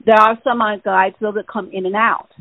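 Taking calls for a casual spiritual Q&A, a woman host answers listeners earnestly and at great, rambling length. She speaks at a moderate pace in a medium-pitched voice with fairly even intonation. The tinny phone audio is dry, with no echo.

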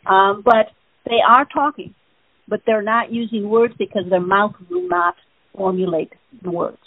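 Her voice mid-range and animated, a woman speaks unhurriedly as she hosts a spiritual question-and-answer show by phone. She answers listeners casually, with long, earnest, rambling explanations. The recording is a dry, tinny phone line.

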